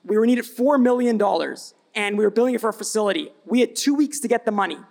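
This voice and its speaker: A man's voice: high-pitched, fast talker, creaky, darkish tone. A man, a brand founder on a live event panel, telling stories bluntly and with energy. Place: event stage before live audience.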